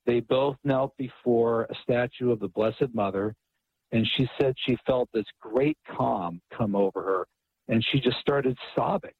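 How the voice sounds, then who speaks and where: Male author guest, husky, dull radio-line sound, animated storyteller who repeats words. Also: mid-range voice, a little slow, no room sound.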